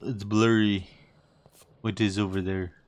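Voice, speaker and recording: A gaming YouTuber in his twenties provides gameplay commentary, muttering uneasy reactions as he plays. His voice is lowish and level, and he speaks unhurriedly.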